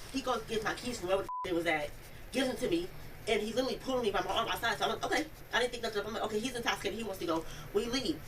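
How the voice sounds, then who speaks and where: A young woman recounting an incident in an interview, telling it in a rambling, animated way and acting out the quoted speech. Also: mid-range voice, rapid-fire. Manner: animated storytelling, acts out quoted speech, many "like" fillers. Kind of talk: rambling first-person account. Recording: distant mic, noisy room audio.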